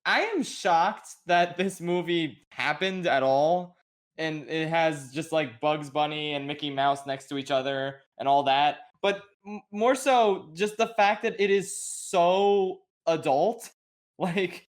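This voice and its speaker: A man's voice: on the high side, slow pace. Young guy on a podcast, laughy and amazed, casual movie talk. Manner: animated, laughing, incredulous. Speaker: podcast co-host. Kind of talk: casual movie review chat.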